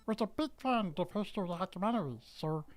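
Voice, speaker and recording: A man putting on a small, eager winged plant creature, speaking in a high, halting put-on voice for a voice-acting bit. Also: animated. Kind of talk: voice-acting bit in an old clip.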